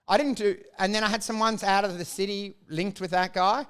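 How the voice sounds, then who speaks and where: A man's voice: high-pitched, steady tone, brisk, fairly bright tone, clean tone. An Australian man and comedian in casual chat, ranting with lots of swearing and frequent laughter. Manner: profane, ranting, laughing often. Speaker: comedian, podcast guest.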